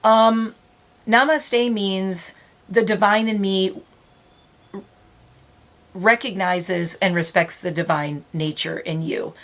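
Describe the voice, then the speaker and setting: A middle-aged woman vlogging casually, rambling and close to tears, laughing through emotion. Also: medium pitch. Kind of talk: emotional casual vlog talk.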